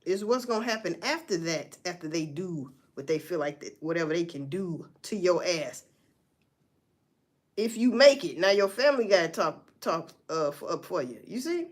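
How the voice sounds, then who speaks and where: A woman's voice: fairly low pitch, big pitch swings, normal speed. A woman hosting a casual livestream, giving blunt, profane commentary and talking straight to her viewers. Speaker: livestream host.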